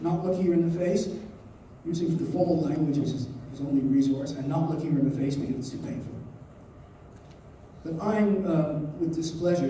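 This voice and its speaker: Male professor, explanatory lecture, fairly high voice, distant mic, faint hiss. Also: dark tone. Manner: explanatory, reads passages aloud. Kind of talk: university lecture. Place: lecture hall. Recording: echoey lecture hall from far off.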